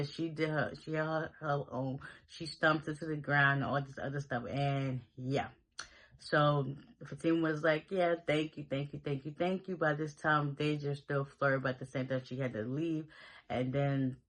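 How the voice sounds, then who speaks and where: A man casually recapping a TV episode, rambling through the plot and quickly quoting the characters. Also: a little high, a bit bright, rough recording. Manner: rambling storytelling, quick quoted asides. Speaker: show recap host.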